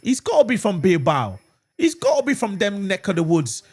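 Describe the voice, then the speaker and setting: High-pitched, with a breathy edge and moderate pace, a man hosts a live football watchalong for his fan channel. He answers viewer comments in calm conversation, then erupts in fury at the referee.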